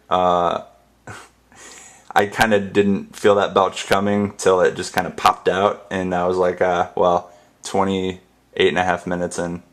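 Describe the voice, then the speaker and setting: A young American man chatting casually on camera at home, rambling with many fillers and restarts. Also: low voice. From United States. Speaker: ASMR vlogger. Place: apartment.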